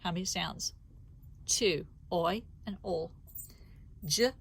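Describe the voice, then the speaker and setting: A woman teacher leading a phonics lesson for children, sounding out words slowly and deliberately, sound by sound. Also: fairly low pitch, vocal fry, slight background noise. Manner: slow, deliberate sound-by-sound enunciation.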